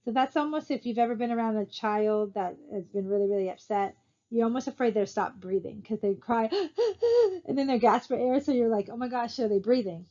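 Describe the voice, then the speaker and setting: A woman with a fairly high voice records a lecture over her slides. She talks in a conversational way and often stops to ask her students rhetorical questions. The recording sounds somewhat dull and lo-fi. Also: a little fast, warm tone. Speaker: college instructor.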